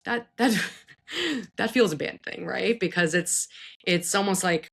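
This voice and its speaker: A woman psychologist hosting a show, giving casual advice to parents in an earnest, animated way, often restarting her sentences. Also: mid-range voice, a little slow, vocal fry, husky. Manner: earnest, animated, frequent restarts and self-corrections.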